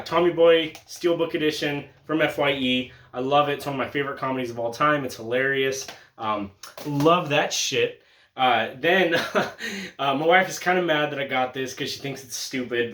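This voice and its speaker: A young man talks through his collection in a loose, joking vlog manner, swearing freely and breaking into laughs and loud excited outbursts. His voice sits fairly high for a man. The room around him is echoey, with a clear reverberant ring. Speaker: collector showing his Blu-ray haul. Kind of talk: casual chat vlog.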